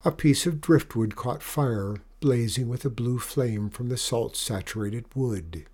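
A man narrating a storybook calmly and evenly. His voice is warm and dark, at a middle pitch. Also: measured pace.

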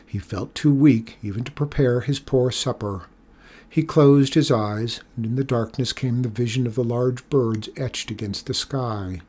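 A man reading a children's storybook aloud in a steady, measured way. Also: medium pitch, breathy edge. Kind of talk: storybook read-aloud narration.

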